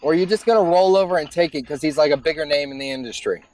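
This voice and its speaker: Brief: stoned male podcast host, slightly high pitch, loose, needling, profane. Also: racing, a little mellow. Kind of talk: podcast interview.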